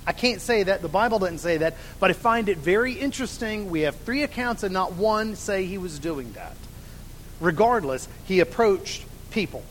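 A man's voice: sits high, expressive, normal speed, a bit bright, in a large hall, slight background noise, rough recording. A man teaching a Bible lesson, asking his class questions and then answering them himself.

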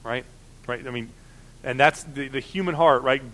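A man's voice: medium pitch, moderate pace, a bit bright. A man preaching a sermon in a conversational way, often acting out the voices of objectors. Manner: conversational, with frequent fillers and mock voices of objectors.

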